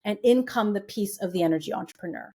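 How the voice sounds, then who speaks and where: Middle-aged woman, podcast guest, animated storyteller, mid-pitched, voices the people she quotes. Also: fast, breathy edge. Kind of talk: conversational storytelling.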